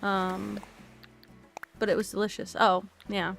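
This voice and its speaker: A tired woman streams in a relaxed, soft-spoken way, rambling and thinking aloud as she plays. Her voice sits in a middle pitch, and faint music plays quietly underneath her talk. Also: normal speed. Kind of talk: relaxed casual chat while playing a game.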